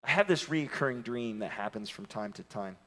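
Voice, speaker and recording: A man, preaching a sermon and telling lively personal stories, acting out the voices of the people in them. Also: medium pitch, a little fast. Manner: animated storytelling, acting out voices. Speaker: pastor. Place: church sanctuary.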